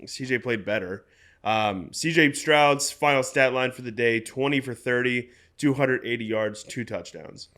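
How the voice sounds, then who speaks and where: A young man co-hosts a casual sports podcast, working through numbers and stat lines with plenty of "um"s. His voice sits at an ordinary middle pitch. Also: unhurried, a bit bright. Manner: runs through stats, hesitant fillers. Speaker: podcast co-host.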